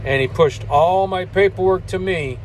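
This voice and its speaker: A man's voice: sits high, moderate pace, slight background noise, low-quality recording. An older man, a truck driver, telling stories in a rambling, folksy way and chuckling between remarks. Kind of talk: casual spoken storytelling.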